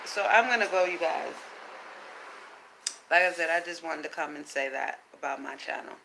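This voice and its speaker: A woman vlogging to camera in a casual monologue, blunt and profane, asking rhetorical questions in a calm, preachy way. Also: low voice, normal speed, gravelly, noisy background.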